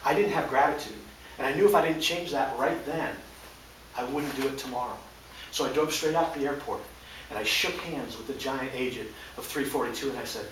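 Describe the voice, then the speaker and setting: A man giving a humorous storytelling speech at a speech contest, theatrical and animated, in a large echoey hall recorded from far off. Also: mid-range voice, a little fast, background noise. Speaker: contest speaker.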